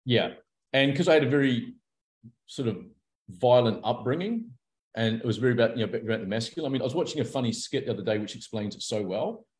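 A man's voice: medium pitch, quick pace. A man, a guest in a candid interview, speaking openly and acting out the people in his stories. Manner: animated storyteller, acts out quoted characters.

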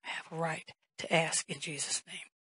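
A woman's voice: sits low, steady tone, moderate pace, bright, forceful tone, breathy edge, no echo, low-quality recording. A woman pastor preaching a sermon in an emphatic way, firing rhetorical questions and rising to a raised voice.

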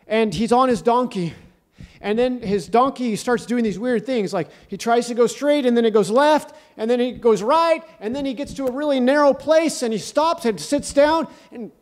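A man preaching a sermon, emphatic and repetitive, building to shouted declarations. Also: very high-pitched.

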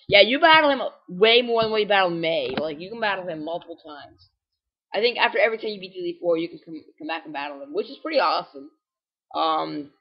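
A young man giving casual, rambling gameplay commentary, full of fillers and self-corrections, quick to get excitable, and prone to sudden voice cracks. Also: high voice, muffled recording. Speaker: game walkthrough commentator.

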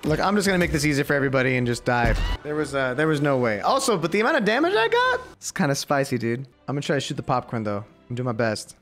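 A young man giving live gameplay commentary, excitable and prone to high squeals when something delights him. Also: fast talker, few pauses, faint music behind. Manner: excitable, swings into high squeals over cute moments. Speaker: streamer.

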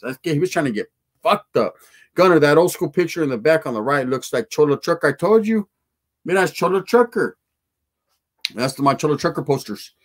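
A man's voice: on the high side, animated, a little fast. A man, chatting loosely on a stream in street slang with Spanish words mixed in. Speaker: livestream host reacting to a film and reading chat. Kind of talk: casual chat.

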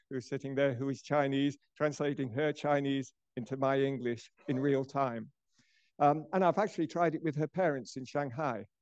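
An older man giving a lecture as a professor, explaining in a measured way and dropping softer at the ends of phrases. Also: medium pitch, no room sound, dull audio. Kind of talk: lecture presentation.

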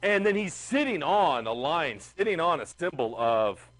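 A man lectures his class in an animated, chatty way, often turning to the students with quick questions. His voice sits a little on the high side. He sounds like he is in a classroom. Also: poor audio. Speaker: history teacher.

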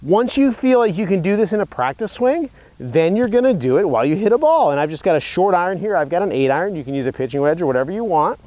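A man's voice: high-pitched, very animated, fast talker, hardly any pauses, a little mellow, no room sound. A man teaching a golf lesson, telling a story earnestly with a few restarts, outdoors at a practice area. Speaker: golf instructor. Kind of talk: instructional video.

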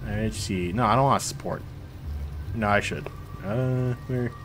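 A young man streaming a game, chatting excitedly, yelling at characters and swearing when things go wrong. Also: lowish voice, measured pace, over music. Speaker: gaming streamer. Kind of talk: live gameplay commentary.

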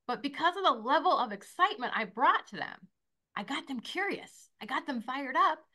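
Bubbly woman in her 40s on a podcast, bright voice, really animated. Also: high-pitched, normal speed. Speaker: podcast guest, esthetician and motivational coach. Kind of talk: energetic interview talk.

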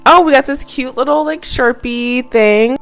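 A young woman in her twenties chatting casually in a vlog, full of fillers and quick laughs. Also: sits high, vocal fry, faint music behind. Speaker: student vlogger.

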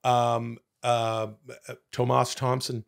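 A man from Canada co-hosting a podcast, telling a rambling story with lots of fillers and sudden bursts of excitement. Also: medium pitch, slow, creaky, clean tone. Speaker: podcast co-host. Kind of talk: casual chat.

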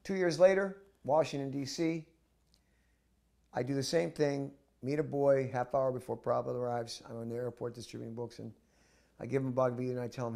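A man with a gravelly, creaky voice shares memories in an interview. He tells the story in an animated way, with quick restarts, and acts out the voices of the people in it. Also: mid-range voice. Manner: acts out the voices in his stories; vivid, with restarts.

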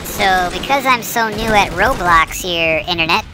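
A woman's voice: lowish voice, moderate pace, noisy background. A woman giving casual commentary while she plays a shooter game, chatty and poking fun at herself as she talks to her viewers. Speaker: gamer. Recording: game music playing behind. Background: music and gunfire.

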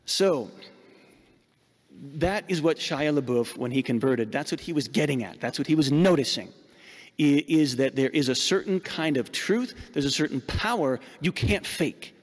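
A man's voice: a little high, lively intonation, normal speed, big-room sound. A man preaching a sermon as a priest, emphatic and repeating words as he searches for them.

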